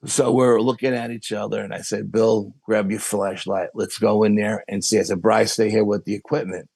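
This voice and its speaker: A man's voice: lowish voice, steady tone, moderate pace, vocal fry, darkish tone, husky, dry recording. A man with a New York accent, a podcast guest telling a long story with quoted dialogue. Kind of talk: casual storytelling.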